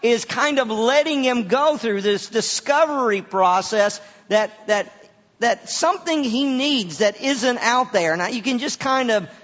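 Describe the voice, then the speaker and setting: A male pastor preaching a sermon, halting and often repeating his words. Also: extremely high pitch, expressive, fairly bright tone, long reverb tail, highs cut off.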